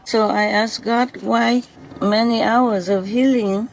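Unhurried delivery, soft and affectionate, spiritual vlogger, calm reflective recounting. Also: mid-range voice, vocal fry, poor audio. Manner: soft, slow, affectionate blessings with repeated "okay?". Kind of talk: gentle personal vlog, speaking to an unseen animal at night.

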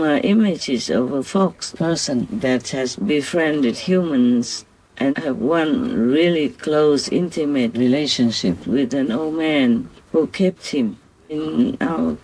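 Man, spiritual teacher, unhurried and tender delivery. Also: on the high side, a little mellow, slight background noise, low-quality recording. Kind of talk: spiritual talk to followers.

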